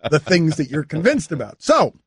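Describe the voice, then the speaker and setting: A man hosting a sports radio show, talking casually in an animated, mock-exasperated way from a studio. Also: fairly high pitch, normal speed, slightly rough, no echo. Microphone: studio mic.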